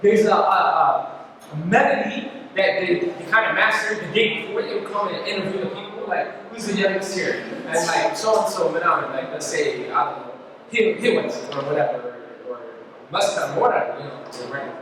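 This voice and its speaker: A man with a high voice teaches a church group in a loose, rambling way, full of fillers and asides. He is heard from far off in a big, booming hall with a long reverb tail. Steady noise sits under his voice. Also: normal speed. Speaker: youth Bible study teacher. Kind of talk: casual Bible study teaching. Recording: echoey hall from far off, noisy.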